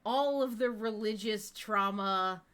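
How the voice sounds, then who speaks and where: Slow, thoughtful woman player. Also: mid-range voice, fairly bright tone, clean tone. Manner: thoughtful, hesitant, with fillers. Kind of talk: describing her character's actions in a tabletop game.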